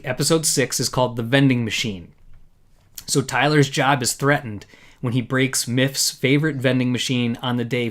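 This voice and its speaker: A man hosting a casual live discussion, chatty and full of fillers, reading quotes aloud. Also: a little high. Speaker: podcast host.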